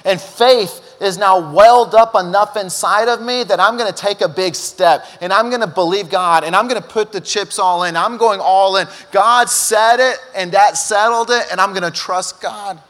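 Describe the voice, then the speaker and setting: This high-pitched man speaks at a moderate pace with hardly any pauses, a middle-aged pastor delivering a sermon. He acts out quotes while telling lively stories, and the church auditorium adds a long hall reverb.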